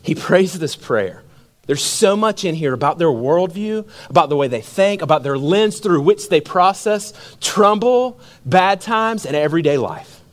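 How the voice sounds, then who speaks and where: A young man delivers a sermon in a high, bright-pitched voice. He tells stories with growing animation, pushing up into near-shouts and dropping low again to explain scripture. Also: unhurried. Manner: animated storytelling, building to shouts. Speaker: pastor.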